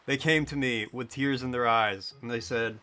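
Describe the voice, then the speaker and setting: A man's voice: mid-range voice, steady tone, pushed and bright, close to an everyday voice. A man doing a comic impression of a boastful, blustering male politician. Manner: boastful, drawn-out bragging.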